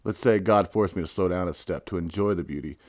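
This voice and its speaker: A man's voice: deep voice, quick pace, darkish tone, no echo, clean studio sound. A man reading his own memoir aloud in a wry, casual storytelling manner. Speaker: narrator.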